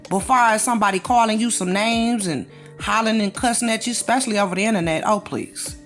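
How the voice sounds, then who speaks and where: A woman host preaches and scolds in a casual commentary monologue, drawling in with dismissive asides. Her voice sits at a middle pitch. Faint music plays behind her. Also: quick pace, fairly bright tone.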